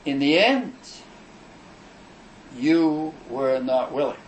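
Emphatic preacher, high lively voice. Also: male voice, slight background noise, poor audio. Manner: emphatic, says so himself, repeats phrases for stress; measured, declamatory delivery with pauses between phrases. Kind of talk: sermon.

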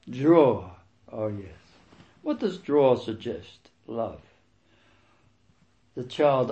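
A man preaching through scripture, reading verses and commenting on them with emphatic, repeated key words and sudden loud stresses. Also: mid-range voice, very animated, extremely slow, long pauses, reverberant, lo-fi sound.

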